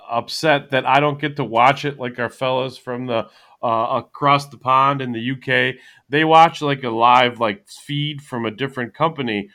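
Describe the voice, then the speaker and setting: A man's voice: medium pitch, pushed and bright. A man hosting a casual podcast chat, rambling and thinking aloud as he talks. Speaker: podcast host.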